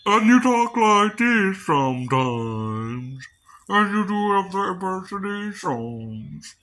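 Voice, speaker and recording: A man doing a slow, drawling impression of an old-time male film star. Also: high voice, sing-song, sharp tone, voice pushed up, full character voice.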